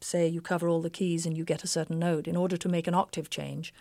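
An English stage actress answering interview questions in an articulate, emphatic, opinionated way. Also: female voice, fairly low pitch, flat delivery, quick pace, dark tone, no echo. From England.

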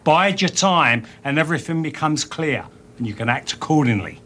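A hard-bitten Cockney ex-convict in a film scene, cool and quietly menacing. He talks slowly in street slang, with a slightly raised pitch and a faint hiss of background noise. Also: animated. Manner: street slang, slow, threatening. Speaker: film character.

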